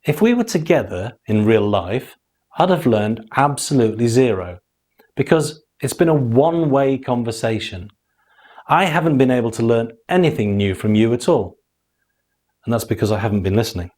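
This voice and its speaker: A man's voice: medium pitch, expressive, normal speed, a little mellow. Guy teaching a course, medium voice, tells stories and does the dialogue. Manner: storytelling, acting out quoted dialogue. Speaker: course instructor. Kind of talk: scripted teaching monologue.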